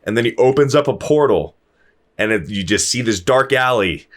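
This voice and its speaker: A man's voice: medium pitch, animated, normal speed. A man casually retelling a film plot as a podcast host, acting out the characters' lines and swearing freely. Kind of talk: casual spoiler chat.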